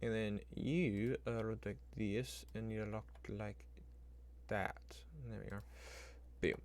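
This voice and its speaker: A man's voice: lowish voice, steady tone, takes it slowly, a little mellow. A man streaming as he builds a spreadsheet, thinking aloud in a casual, rambling way, talking to his computer and making up little sound effects. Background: keyboard typing and clicking.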